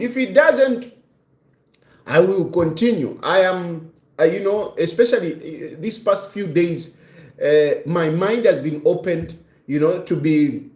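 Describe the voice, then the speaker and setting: A man's voice: high voice, darkish tone, roomy sound. A man in his fifties hosting a live stream, talking in an earnest, reflective way and often repeating his phrases. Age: 50s. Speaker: livestream host.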